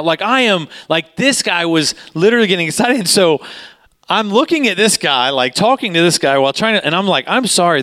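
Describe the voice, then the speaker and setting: A man, a pastor, telling a story in a sermon, animated and rising in pitch as he gets excited. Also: smooth.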